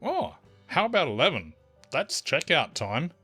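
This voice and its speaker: A man's voice: fairly high pitch, wildly swooping pitch, a little slow, pushed and bright, breathy edge, faint music behind, pitched above the performer's own voice, full character voice. A man voicing a whiny, evasive, entitled middle-aged woman at a campsite.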